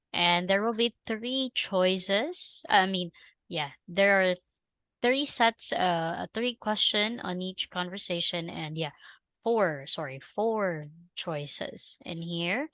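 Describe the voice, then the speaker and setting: A woman's voice: medium pitch, slow pace, fairly bright tone, dry recording. A woman tutoring English over a video call, patiently explaining step by step with lots of fillers. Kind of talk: online language lesson. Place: small noisy room.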